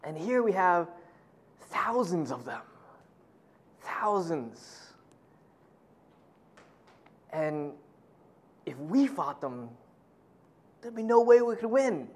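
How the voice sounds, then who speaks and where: Brief: male pastor, high voice, casual animated preaching with stories. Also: extremely slow, long pauses. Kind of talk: sermon.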